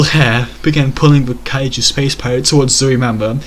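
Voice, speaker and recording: A man's voice: mid-range voice, fairly even intonation, moderate pace, few pauses, a little hiss or hum. Exasperated man reading fan fiction aloud. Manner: stumbling, exasperated, breaks into incredulous asides.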